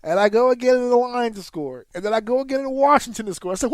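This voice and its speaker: A man in his thirties co-hosting a casual podcast, telling a sports story in an animated, profane way and jumping up sharply in pitch when excited. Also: fairly quick, dry recording. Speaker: podcast co-host.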